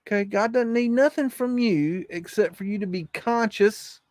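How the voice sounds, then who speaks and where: A man hosting a livestream, talking in an excitable, profane, rambling way. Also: high voice, normal speed, no room sound, clean studio sound. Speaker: livestream host. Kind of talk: casual livestream commentary.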